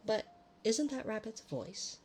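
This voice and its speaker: A woman voicing a polite, slow-witted storybook bear in a soft, wondering tone while reading aloud on an ASMR stream. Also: fairly high pitch, big pitch swings, faint music behind, pitched above the performer's own voice. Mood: puzzled.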